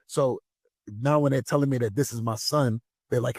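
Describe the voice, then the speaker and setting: A man's voice: medium pitch, moderate pace, dry recording, studio quality. A man, a pastor, telling a personal story in a casual conversation, acting out the voices of the people in it. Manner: animated storytelling, acts out voices.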